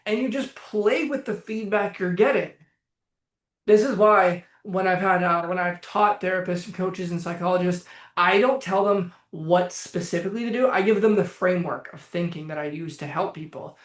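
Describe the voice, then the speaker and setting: A man coaching on anxiety in a casual talk straight to camera, blunt and profane, animated, with bursts of laughter. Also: high-pitched, moderate pace, reverberant.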